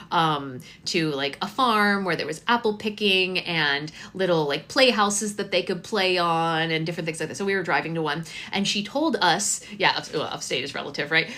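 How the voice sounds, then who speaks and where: A woman's voice: sits low, pushed and bright. A woman in her thirties hosting a slime live stream, chatting casually and telling stories with lots of ums. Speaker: slime shop host.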